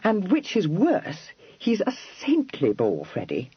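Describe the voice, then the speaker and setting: A spirited young heiress of the Regency, impatient and quick to exclaim, as a male narrator puts her on. The voice is pitched high and swoops with lively emphasis. It sounds husky and dry, on a dull, lo-fi audiobook recording. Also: no echo, heavily acted. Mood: emphatic. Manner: impatient, exclaiming, breathless rush.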